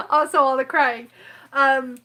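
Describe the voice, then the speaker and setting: Casting: woman, tarot live-stream host; high, bright voice, chatty and tearfully emotional. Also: slight background noise. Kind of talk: live-stream unboxing chat.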